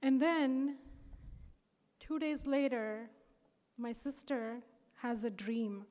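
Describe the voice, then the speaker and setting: A woman's voice: on the high side, steady tone, very slow, dark tone. A young woman telling a personal testimony at a devotional gathering, earnest and emotional, with many fillers. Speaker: speaker sharing a personal testimony. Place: large hall. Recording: hall reverb.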